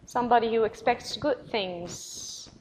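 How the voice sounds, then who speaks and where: A woman teacher with an Arabic accent giving a recorded English vocabulary lesson, encouraging, spelling words out letter by letter and repeating them slowly. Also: a little high, darkish tone, slight background noise, poor audio.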